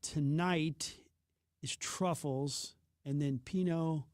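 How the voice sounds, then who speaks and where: Radio guy cohost joking around, a bit high pitched, dry booth sound. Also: fairly even intonation, slow pace, darkish tone, dry recording. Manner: playful, teasing. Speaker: radio co-host. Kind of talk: casual radio chat. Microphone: studio microphone.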